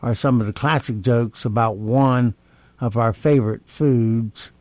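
A man hosting a talk show, introducing comedy clips in a relaxed, chatty way. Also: mid-range voice, a little slow, no room sound. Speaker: radio host.

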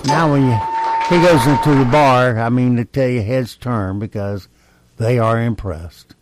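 A man hosting a talk show, introducing comedy clips in a relaxed, chatty way. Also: medium pitch, a little slow, slight background noise. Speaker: radio host.

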